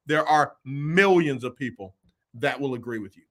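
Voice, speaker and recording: Bright, animated man picking games. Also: mid-range voice, brisk. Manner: animated, repeats phrases, Southern US Black vernacular. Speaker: sports show host. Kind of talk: casual sports talk show picks.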